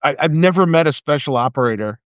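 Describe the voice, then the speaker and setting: A middle-aged man, a former military investigator, streams live and launches into an angry, profane, sarcastic political rant. His voice is fairly high and lively, and he talks fast. The dry, slightly muffled audio comes from a phone or webcam mic, with no echo.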